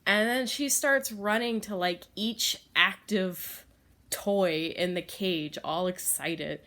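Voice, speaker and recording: A woman's voice: medium pitch, slow pace, fairly bright tone. A woman chatting casually in a home vlog, rambling with lots of fillers and frequent laughs. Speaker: vlogger. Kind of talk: casual chat.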